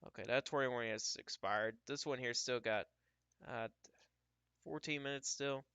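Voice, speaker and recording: A man talks through storm radar on a livestream, musing aloud and circling back as he goes. His voice is bright and crisp, with a dry, close sound and little room around it. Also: mid-range voice, dry recording. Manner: thinking aloud, casual and unhurried with restarts. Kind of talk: live weather commentary.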